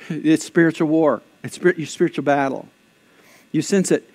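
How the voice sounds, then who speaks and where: High-voiced man preaching with fiery bursts. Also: a little fast. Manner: lively preaching, jumps to loud emphatic bursts. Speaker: pastor. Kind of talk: sermon. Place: church.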